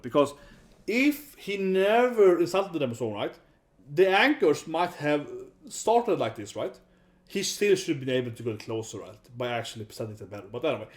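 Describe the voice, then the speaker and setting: A man with a fairly high voice talking through a casual commentary vlog. He rambles, restarts and keeps checking in with 'right?'. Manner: rambling, repeats 'right?' often. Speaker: YouTube commentator.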